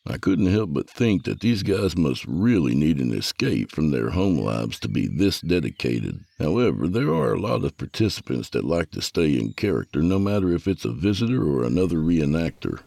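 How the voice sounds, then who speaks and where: A man narrating a first-person story with a gravelly, husky voice. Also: low-pitched, sing-song, moderate pace, few pauses, warm tone, no echo.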